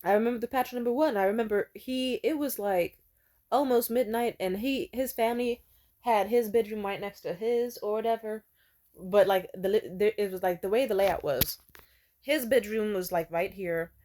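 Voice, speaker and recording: A young woman in her twenties in a loose, casual storytime vlog, swearing freely and breaking into laughter. She talks in an animated way, often restarting her sentences as her thoughts jump around. Her pitch is mid-range for a woman. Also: normal speed. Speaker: vlogger.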